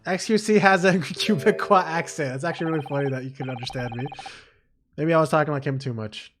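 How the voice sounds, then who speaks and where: Male streamer, casual and self-mocking, slightly high voice, faint background music. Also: fast, fairly bright tone. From Canada. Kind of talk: gameplay commentary.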